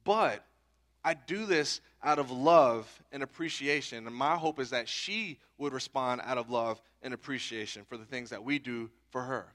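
A man's voice: medium pitch, moderate pace, a bit bright. A man in his thirties preaching a sermon in a conversational way, often checking in with the listeners with "okay?" and "right?". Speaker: pastor.

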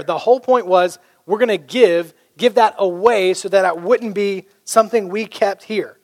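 A man preaching a sermon as pastor, conversational and humorous, telling stories. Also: high-pitched. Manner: conversational, humorous, animated storytelling. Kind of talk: sermon with storytelling.

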